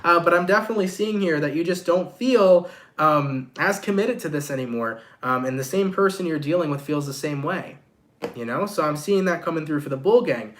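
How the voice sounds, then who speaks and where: A man's voice: a little high, expressive, brisk, fairly bright tone, slight background noise. A young man with a congested voice, giving a casual, slangy tarot reading straight to his viewers. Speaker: tarot reader.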